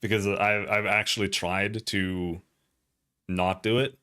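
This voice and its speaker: A man's voice: on the low side, level tone, takes it slowly, sharp tone. Chatty Swedish-accented young man streaming. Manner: chatty and rambling, casual swearing. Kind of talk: casual gaming livestream chat.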